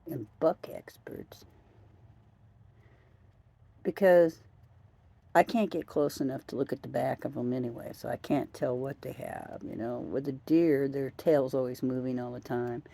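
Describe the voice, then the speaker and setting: A weary woman with a gravelly edge talks in a mellow, unhurried ramble, drifting from thought to thought as she hosts her podcast. She sounds outdoors at night and amuses herself as she goes. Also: rumbling low. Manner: rambling, musing, self-amused. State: tired. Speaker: podcast host. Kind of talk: casual rambling chat. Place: outdoors at night by trees and floodlights.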